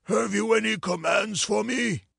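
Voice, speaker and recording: A man voicing the devil disguised as a hoarse, squeaky old man, mock-friendly and menacing. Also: a little slow, a bit bright, no echo, studio quality, exaggerated voice. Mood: sly menace. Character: devil as old man's double, sly and menacing.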